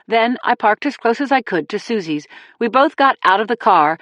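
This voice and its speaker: A woman narrating a first-person crime thriller audiobook in a dramatic, measured reading. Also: a little high, animated, a bit bright, dry recording.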